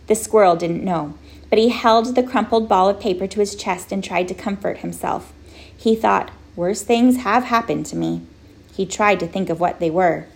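Gravelly woman narrating a storybook. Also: mid-range voice. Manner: steady, measured storytelling. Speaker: audiobook narrator.

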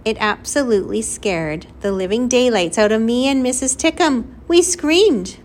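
A woman voicing a fussy, excitable mother who talks loudly and shrilly. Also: fairly high pitch, moderate pace, a little hiss or hum, close to an everyday voice. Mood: shrill. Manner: loud and shrieking.

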